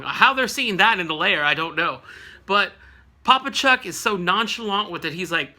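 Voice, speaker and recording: A man with a high, very bright voice talks through a comic issue in a loose, rambling way. He keeps breaking off into jokes and side comments to his viewers. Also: animated, normal speed. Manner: rambling, joking asides, frequent laughs. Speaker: comic book recap host. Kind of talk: casual comedic comic recap.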